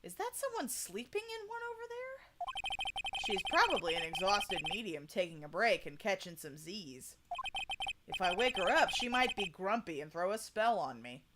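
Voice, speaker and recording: A woman's voice: medium pitch, very animated, moderate pace, heavy background noise, lightly acted. A woman reading aloud the musing inner thoughts of a young male lawyer in her own voice. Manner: dry, musing read-aloud. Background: game music.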